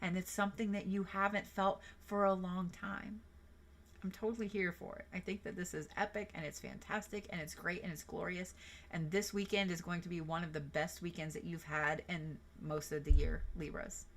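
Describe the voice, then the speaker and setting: A woman's voice: on the low side, level tone, normal speed. A woman giving casual zodiac card readings on a livestream, chatty and playful, swearing and giggling as she goes. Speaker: reiki practitioner and tarot reader.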